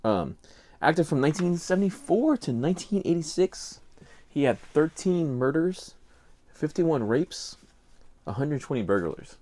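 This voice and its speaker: A man's voice: a little high, big pitch swings, a little slow, darkish tone. An older man with a Cajun accent, co-hosting a casual podcast and telling a rambling story full of fillers. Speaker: podcast co-host. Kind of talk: casual chat.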